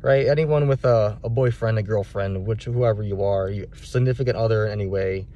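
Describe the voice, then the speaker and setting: A man's voice: lowish voice, a little fast, warm tone, highs cut off, a little hiss or hum. A young adult man, a dog trainer, telling a story in a casual vlog, rambling and candid with many restarts.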